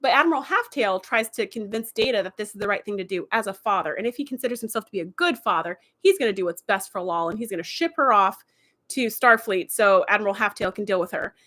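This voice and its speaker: A woman hosting a live stream, giving a chatty, animated episode recap with lots of "like" and "you know.". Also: mid-range voice, fast.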